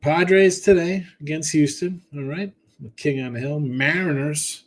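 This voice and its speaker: With a fairly high, unhurried voice, a man hosts a sports betting podcast while tired and yawning from a short night. He chats casually, reads viewer comments, and talks to chat by name in a rambling, offhand way.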